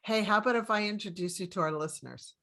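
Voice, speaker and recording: A woman's voice: mid-range voice, fast talker, bright, forceful tone. A woman in her sixties hosting an interview in a casual, enthusiastic way, often laughing. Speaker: host.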